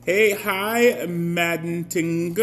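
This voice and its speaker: A man's voice: high-pitched, drawn-out words, fairly bright tone, faint music behind. A man hosting a casual live stream, chatty, greeting viewers by name and laughing often.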